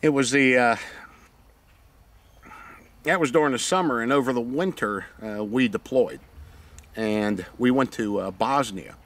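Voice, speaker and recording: A man's voice: medium pitch, measured pace, long pauses. A retired Navy SEAL, a man, telling war-buddy stories casually with lots of swearing, acting out the scenes. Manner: profane, animated, acts out the scenes.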